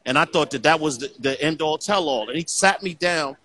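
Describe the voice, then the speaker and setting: A man's voice: on the high side, fairly quick, sharp tone. A middle-aged man talking earnestly as a guest in a casual conversation, often saying "you know what I'm saying".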